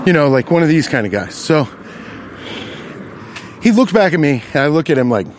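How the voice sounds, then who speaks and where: A young man on a city street rants into his podcast about a stranger. His voice sits a little high and leaps around with lively swings. He is casual, profane and animated. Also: brisk, long pauses, a little hiss or hum. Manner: animated, profane, riffs on his own story. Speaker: podcast host. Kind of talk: casual storytelling rant.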